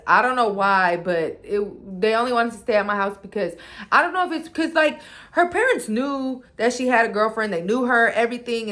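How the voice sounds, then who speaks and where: A woman telling a storytime in a casual, animated way, leaning on "like" and acting out what people said, while she is losing her voice. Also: mid-range voice. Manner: animated, heavy use of "like", acts out quotes.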